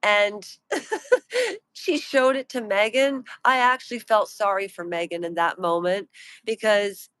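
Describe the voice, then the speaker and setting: A pop culture commentator rants on a live stream about celebrity gossip, indignant and mocking, slowing down to stress her points. Her medium-pitched voice is fairly bright with lively intonation, and there's no echo.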